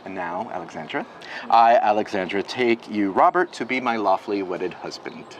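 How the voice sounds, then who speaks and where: A man officiating an outdoor wedding ceremony in a city park, gently leading the couple through their vows line by line. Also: on the low side, expressive, normal speed, a little hiss or hum, rough recording.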